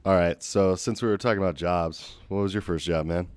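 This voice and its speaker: A man's voice: low voice, steady tone, a little fast, a little mellow, clear, resonant tone, no room sound. A young man co-hosting a casual podcast, joking, laughing often and swearing freely. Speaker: podcast co-host.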